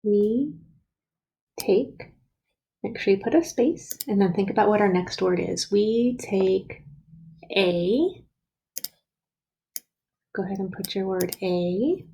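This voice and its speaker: Slow, patient woman teacher with a gravelly voice. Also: mid-range voice, warm tone, poor audio. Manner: slow, patient, sounds out words and letters. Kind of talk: recorded writing lesson for young children.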